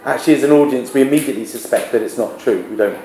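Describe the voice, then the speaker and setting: A man's voice: medium pitch, rapid-fire, mellow. A man teaching a classroom literature lesson, explaining patiently and asking rhetorical questions. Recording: echoey classroom with background noise.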